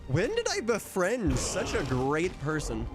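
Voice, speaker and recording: A man's voice: high-pitched, wildly swooping pitch, measured pace. A man casually commenting on his gameplay as a streamer, joking, laughing often and swearing now and then. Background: game music.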